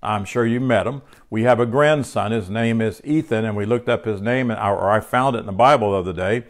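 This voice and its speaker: An older male preacher delivers a sermon with a somewhat low voice. He speaks earnestly and a little haltingly, restarting phrases and repeating words as he works through his teaching.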